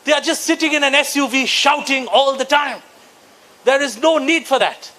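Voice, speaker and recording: Brief: male comedian from Bengal, high pitch, bright edge, animated and mock-indignant. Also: normal speed, rough recording. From Bengal, India. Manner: animated, mock-indignant, bursts into shouting impressions. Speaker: stand-up comedian. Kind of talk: stand-up comedy set at a conference. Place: conference hall before a live audience.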